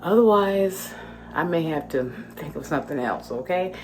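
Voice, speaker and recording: Low-voiced woman chatting to her camera. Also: animated, normal speed, slight background noise. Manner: chatty, talks to viewers while cooking. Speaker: vlogger. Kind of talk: casual home vlog. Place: home kitchen.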